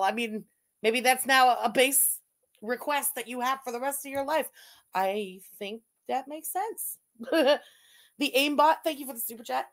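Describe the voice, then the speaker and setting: A woman from Canada hosting a livestream, talking in a sarcastic, profane way and laughing often. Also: fairly high pitch. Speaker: streamer host. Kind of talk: casual livestream commentary.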